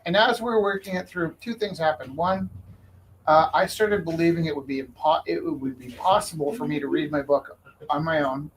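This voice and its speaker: A man's voice: a little high, normal speed, rough recording. A man hosting a live stream who tells a story casually, with many restarts and fillers. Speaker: host and auctioneer.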